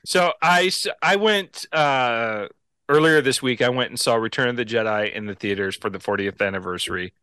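A man co-hosting a podcast, talking in halting bursts full of restarts as he makes his points. His tone is bright and forceful. The sound is dry and close-miked. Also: mid-range voice, smooth, no room sound. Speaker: podcast co-host. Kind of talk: casual chat.

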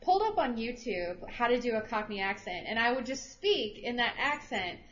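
Female podcast co-host, slightly high voice, chatty and giggly, lo-fi sound. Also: very animated, normal speed, fairly bright tone. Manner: chatty, laughs between phrases. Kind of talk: casual podcast chat.

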